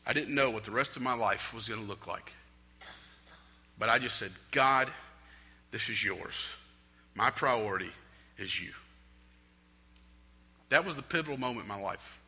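Impassioned preacher man in a big hall. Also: medium pitch. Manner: impassioned preaching, swinging from shouts to hushed prayer. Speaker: pastor. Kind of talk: sermon. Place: stage in a large hall. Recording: long hall reverb.

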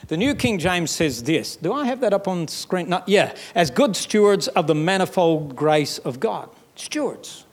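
Emphatic pastor with a Southern US lilt. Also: male voice, high voice, sing-song, unhurried, few pauses. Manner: emphatic, folksy, rising to loud passages. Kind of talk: sermon.

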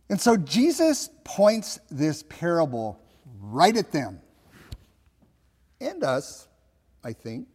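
A pastor preaching a sermon, slow and emphatic, asking his listeners rhetorical questions. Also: fairly high pitch, darkish tone, breathy edge, in a large hall.

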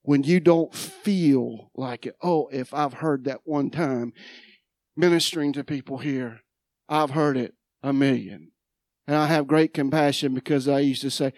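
A woman preacher, giving a dramatic sermon, moving from loud proclaiming to quiet asides. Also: rumbling low, unhurried, dry recording, studio quality. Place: church sanctuary.

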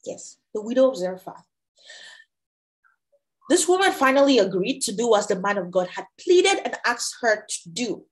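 A woman leads an informal Bible study with a slightly high voice. She reads a verse, then talks it through loosely, pausing and restarting as she thinks. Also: very animated, poor audio. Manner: reads scripture aloud and explains it in a casual, halting way.

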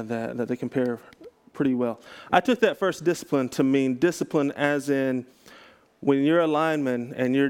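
A man's voice: mid-range voice, a little mellow, clean tone. A man from Texas, a pastor, giving a casual teaching talk to a group, chatty and self-correcting, with joking asides.

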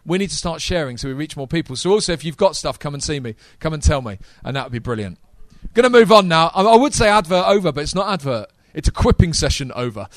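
A man preaching a sermon to a live congregation, energetic and talking straight to the audience. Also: on the high side, fast, hardly any pauses, no room sound.

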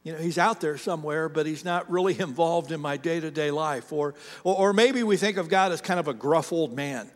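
A man's voice: on the high side, brisk, hardly any pauses, in a large hall. A man preaching a sermon in a conversational, storytelling way, often restarting his sentences. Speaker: pastor.

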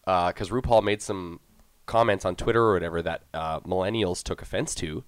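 Rambling profane man, low dry voice. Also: a little fast, clear, resonant tone, no room sound. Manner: loose, profane, rambling with restarts. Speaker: podcast co-host. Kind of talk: casual chat.

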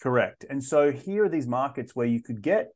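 A man in his thirties, a podcast guest telling his story in a casual interview, animated and often restarting his sentences. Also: medium pitch, normal speed. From Australia. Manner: animated, frequent restarts and repeated words.

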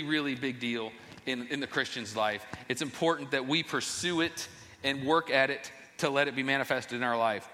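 A man's voice: mid-range voice, sharp tone, big-room sound. A man, a pastor, preaching a conversational sermon and often speaking out his listeners' thoughts. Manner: conversational, restarts phrases, acts out listeners' thoughts.

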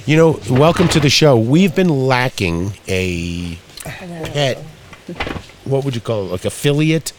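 Animated wisecracking man over noise. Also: medium pitch, unhurried. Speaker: podcast co-host. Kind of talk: casual chat.

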